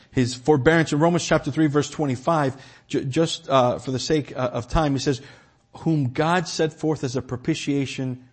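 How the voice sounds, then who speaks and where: A man with a breathy, husky edge to a fairly high voice delivers a church sermon. He stammers and repeats words as he builds, pressing hard on key phrases before falling quiet and slow. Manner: impassioned, repeats words, swings from loud emphasis to quiet. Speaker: preacher.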